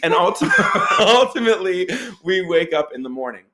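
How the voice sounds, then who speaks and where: A man telling a wild story to friends in a casual, profane, animated way, acting out the quoted lines with big jumps in his voice. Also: high voice, moderate pace, very noisy.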